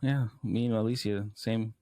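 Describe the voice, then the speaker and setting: A man's voice: lowish voice, fairly even intonation, moderate pace, mellow. A man co-hosting a podcast in casual chat, loose and agreeable, with many "yeah, no" and "like" fillers. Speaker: podcast co-host.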